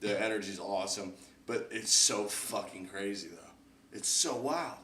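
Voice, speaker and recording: A man chatting casually on a podcast, profane and animated, jumping in with quick remarks. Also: on the low side, reverberant, distant mic, a little hiss or hum. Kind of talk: casual chat.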